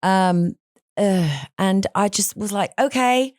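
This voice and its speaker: A woman talks in a low, lively voice that swoops up and down as she tells a story. She is outspoken and animated, often restarting her sentences. The recording is close and dry. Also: fairly quick, dry recording. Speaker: podcast host. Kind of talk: casual conversational storytelling.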